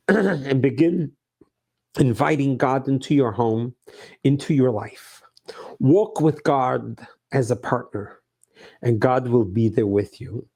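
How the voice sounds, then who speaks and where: Earnest preaching rabbi, mellow voice. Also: male voice, medium pitch, husky. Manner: earnest, emphatic preaching with repeated phrases. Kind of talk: sermon.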